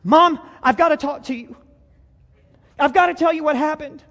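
Man playing a crying small boy confessing, raised high voice, big echoing room. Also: moderate pace, a bit bright. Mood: urgent. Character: young boy, guilty and tearful. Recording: long reverb of a big hall.

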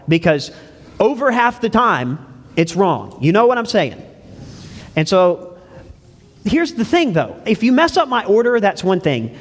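A man preaching a sermon as pastor, telling folksy stories and asking the congregation questions. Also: high-pitched. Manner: folksy storytelling, asks the congregation. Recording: long church reverb.

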